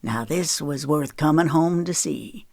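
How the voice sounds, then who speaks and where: A woman's voice: low-pitched, a little slow, creaky, a little mellow, no echo, clean studio sound, full character voice. A woman narrator voicing Cash, a young man home from touring who talks with easy, affectionate joking.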